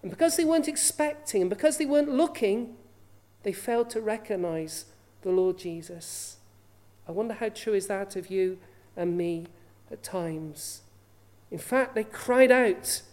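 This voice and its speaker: A woman's voice: medium pitch, a little slow, darkish tone. A woman preaching a sermon in an earnest way, often asking her listeners rhetorical questions.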